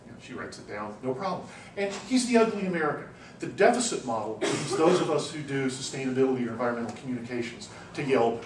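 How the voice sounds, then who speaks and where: A man giving a university class lecture, telling anecdotes in an animated, chatty way with frequent "you know"s. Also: medium pitch, fast. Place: lecture room. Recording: roomy classroom, distant mic, faint hum.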